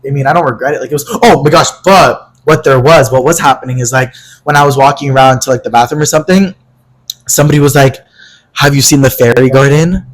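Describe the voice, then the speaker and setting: A man's voice: mid-range voice, fast, poor audio. A young man co-hosting a podcast, telling a story in a casual, dramatic way with acted-out quotes and plenty of swearing. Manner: animated, dramatic quoted voices, swears freely. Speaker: podcast co-host.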